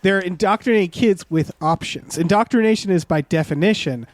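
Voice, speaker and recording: Sarcastic high-voiced man ranting. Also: brisk. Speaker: podcast co-host. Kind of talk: casual movie commentary.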